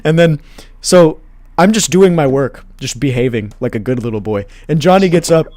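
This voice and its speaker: A man's voice: fairly high pitch, lively intonation, normal speed, darkish tone, no echo. Laid-back young man, dry sound. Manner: rambling, laid-back, profane storytelling with fillers. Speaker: podcast co-host. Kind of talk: casual storytelling chat.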